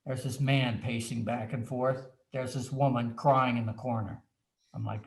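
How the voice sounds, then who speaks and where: A man telling an animated story as a guest author, acting out little quoted asides as he goes. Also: mid-range voice, moderate pace, reverberant. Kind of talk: anecdotal storytelling on a video chat.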